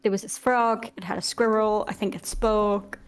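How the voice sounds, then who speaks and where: A young woman playing a tabletop game, playful and deadpan as she jokes with the group. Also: medium pitch, normal speed, clean tone. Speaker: player.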